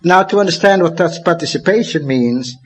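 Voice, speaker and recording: A man's voice: brisk, slight background noise. Emphatic Dutch man lecturing. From Netherlands. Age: 50s. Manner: emphatic, with sudden rises to high excitement and drops to low, quiet asides.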